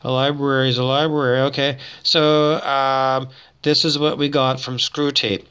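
Man of medium pitch hosting a talk show, loose and wandering, thinking out loud. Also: little pitch movement, normal speed, smooth. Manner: digressive, thinks aloud with many fillers and restarts. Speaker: show host. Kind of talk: rambling casual monologue.

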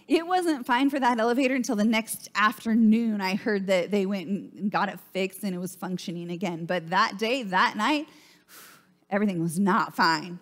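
In a mid-range voice, a woman pastor preaches a sermon in church in a chatty, conversational style, frequently checking in with "right?".

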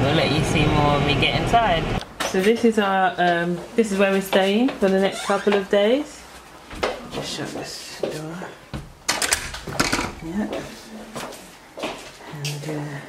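A woman vlogging casually while touring a holiday rental with a handheld camera, hesitant with many ums. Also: lowish voice. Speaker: travel vlogger. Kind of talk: casual vlog chat. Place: holiday rental flat, indoors. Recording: noisy travel footage.

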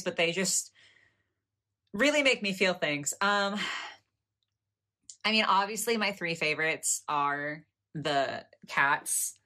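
Bright-voiced gushing American woman vlogger. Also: lowish voice. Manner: chatty, gushing, giggly. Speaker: doll collector vlogger. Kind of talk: casual unboxing vlog.

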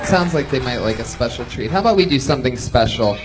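A man's voice: medium pitch, animated, fast, loud music behind the voice, poor audio. A man hosting a live comedy podcast on a club stage, teasing and hyping up his guests. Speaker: podcast host. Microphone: stage mic, multi-mic podcast audio.

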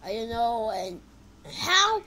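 A woman giving casual reaction commentary to videos, excitable and exclaiming, swinging from loud outbursts to low mumbling. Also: slow pace, rough recording.

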